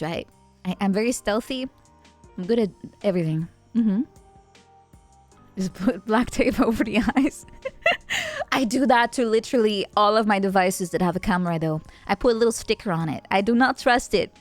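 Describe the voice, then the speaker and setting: A young woman from the Netherlands, chatting playfully with her stream chat and often jumping into high squeals. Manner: playful, animated, jumps to squeals. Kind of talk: casual chat with chat.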